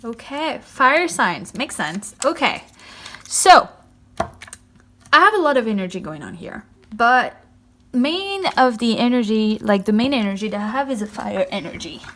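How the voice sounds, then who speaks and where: A woman with a slightly raised pitch chats her way through a tarot card reading for viewers. She talks casually and a little awkwardly, as if new to the camera, leaning on the same phrases and plenty of ums. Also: big pitch swings, a little slow, sharp tone, a little hiss or hum. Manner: chatty, repeats "I do think", many fillers; first time on camera, a bit awkward.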